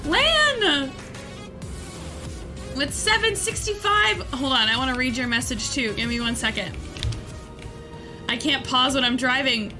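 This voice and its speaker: A woman's voice: on the high side, steady tone, moderate pace, pauses often, over music. A woman hosting a charity livestream while she plays a game, playful and giggly as she thanks donors. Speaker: streamer hosting a charity stream. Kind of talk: casual gaming livestream chat.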